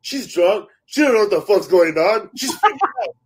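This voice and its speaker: A man's voice: high voice, moderate pace, a little hiss or hum. A man, a stand-up comic, telling stories in casual chat, acting out quotes and swearing freely. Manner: animated storyteller, acts out quotes, swears freely.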